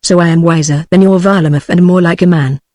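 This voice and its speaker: A British-accented text-to-speech woman's voice reading the lines of a bitter, sarcastic poor man in a storybook, in the same even manner as the narration. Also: on the low side, fast, no echo, studio quality, natural voice. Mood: scornful. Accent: British English. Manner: flat synthetic reading.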